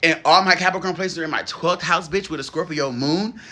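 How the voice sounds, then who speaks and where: A man giving a casual monologue as a spiritual coach, animated and sassy, swearing freely and laughing often. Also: fairly high pitch, fast talker.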